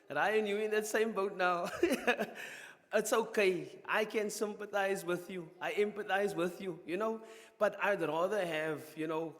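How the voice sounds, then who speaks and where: A man preaching a sermon to his congregation in an animated, conversational way. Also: high voice, in a large hall. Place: church hall.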